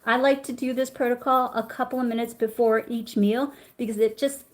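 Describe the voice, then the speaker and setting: A middle-aged woman teaching acupressure on a live stream, chatty and warm, stopping to greet viewers. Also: on the high side, fairly even intonation, brisk. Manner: warm, chatty, reads viewer comments aloud. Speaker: acupressure instructor. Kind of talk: live-streamed health lesson.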